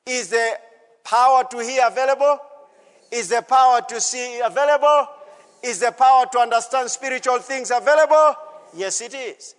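A man's voice: very high-pitched, moderate pace, a bit bright. A male pastor preaching a sermon with call-and-response, exhorting the congregation and repeating his phrases in a church service. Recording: long reverb of a church hall.

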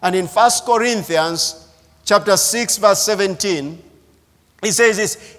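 Man, pastor, sermon, unhurried emphatic delivery, repeats phrases, reverberant church hall. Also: sits high, a bit bright.

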